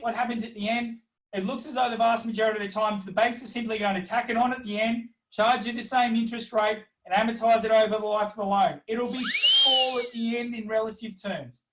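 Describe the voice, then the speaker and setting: A man's voice: high voice, a bit bright. A man with an Australian accent hosting a business webinar, ranting bluntly and swearing freely as he gives advice. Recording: echoey room, speaking away from the mic.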